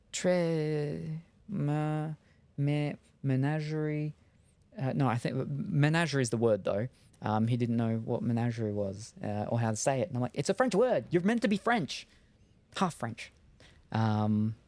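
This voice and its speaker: A man's voice: medium pitch, darkish tone, dry recording. A man streaming a video game, chatting casually and rambling, with many fillers and restarts. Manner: meandering, full of fillers and restarts. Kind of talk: rambling casual chat while gaming.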